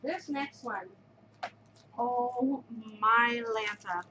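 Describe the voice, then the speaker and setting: A woman's voice: a little high, drawn-out words, pushed and bright, muffled recording, slight background noise. A middle-aged woman hosting a knitting podcast, gushing effusively over yarn in casual show-and-tell chat and repeating her words of praise.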